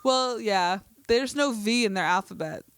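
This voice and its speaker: A woman co-hosting a casual podcast, chatting and laughing easily. She reads articles aloud with small stumbles. Her voice is smooth and clear, middle in pitch, recorded dry with no room sound. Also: expressive, measured pace, fairly bright tone, no room sound. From New Jersey. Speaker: podcast co-host.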